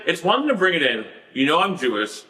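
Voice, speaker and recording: A man tells his story in a bright, forceful voice, animated and laughing, with fillers everywhere. The sound has a roomy echo around it. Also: fairly high pitch, fast talker, soft background music. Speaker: podcast guest. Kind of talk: casual storytelling interview.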